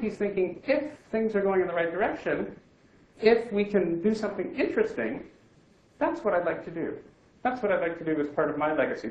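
A man tells a story to an audience, and his voice rises and falls as he acts out the lines of the people in it. The sound is roomy, with a faint hum of ambience behind him. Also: a little high. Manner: animated storytelling, acts out quoted exchanges. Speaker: speaker giving a talk. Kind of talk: anecdotal public talk.

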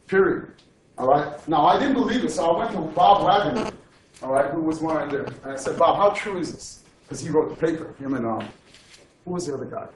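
A man, a physics professor, giving an informal lecture in a digressive, joking way and often checking in with "okay?". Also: on the high side. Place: lecture hall. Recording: echoey lecture hall from far off with faint noise.

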